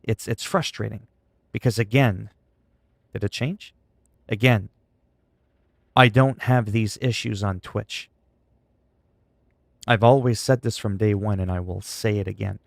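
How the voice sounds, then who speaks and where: Male streamer, low gravelly voice, dry close mic, frustrated ranting chat. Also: steady tone, a little slow, long pauses, no room sound. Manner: frustrated, venting, sarcastic. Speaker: livestreamer.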